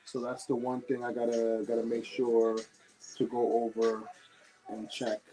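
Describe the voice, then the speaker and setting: A man's voice: medium pitch, monotone, a little slow, music in the background. A young man from New Jersey hosting a casual livestream, chatting with viewers and telling rambling stories while he builds. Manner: rambling anecdotal storyteller, chats with viewers. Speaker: livestream host.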